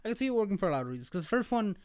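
A man's voice: high voice, big pitch swings, a little mellow, no echo, clean studio sound. Young man joking in casual chat. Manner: joking, quick asides. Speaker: podcast co-host.

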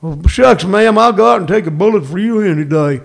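A man's voice: high-pitched, expressive, a little fast, creaky. A man voicing a big, dim-witted country guy, bashful and drawling. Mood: smitten.

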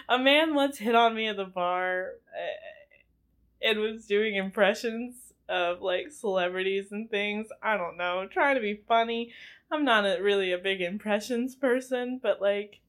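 A woman's voice: medium pitch, unhurried. A young woman casually recapping a film as a podcast host, chatty and giggly, rambling with lots of fillers. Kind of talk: casual chat.

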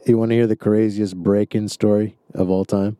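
A former retail manager chatting casually and swearing now and then. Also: male voice, on the low side, flat delivery, normal speed, dark tone, no echo. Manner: laid-back, swears casually. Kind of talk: casual chat.

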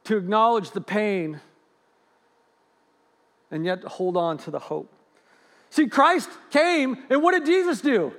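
A man preaching a sermon in an earnest way, swinging from loud stresses to hushed lines. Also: sits high, animated, slow pace, long pauses. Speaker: pastor.

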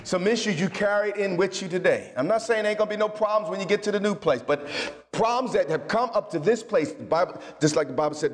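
Male pastor, sermon, high voice, energetic and chatty, long hall reverb. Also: normal speed, long pauses, a crowd in the background, background noise. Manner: energetic and conversational, with colloquial asides.

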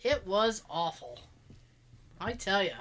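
A woman's voice: medium pitch, slow. A woman telling a story in casual chat, acting out the voices of the people in it and laughing often. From Belgium. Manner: animated, acts out quotes, laughs often.

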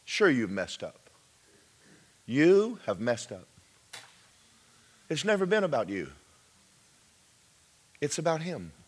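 A man preaching a testimony sermon, jumping from high loud cries to hushed whispers. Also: very animated, takes it slowly, pauses often, husky.

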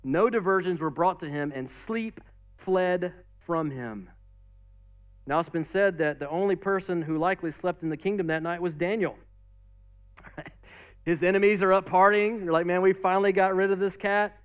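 A man preaching a sermon as pastor, lively and casual, acting out quotes and asides. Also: high-pitched, normal speed, long pauses.

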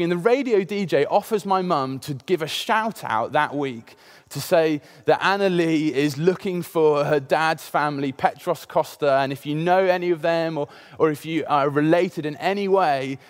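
A man's voice: fairly high pitch, normal speed. A man in his thirties preaching a sermon, opening with a personal story in a conversational way and many filler sounds.

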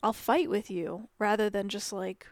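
A woman co-hosting a podcast talks in a mid-range voice, frank and animated. She acts out her own past lines while she talks. The recording is dry and close. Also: medium pitch, measured pace, dry recording. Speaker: podcast co-host. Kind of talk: casual chat.

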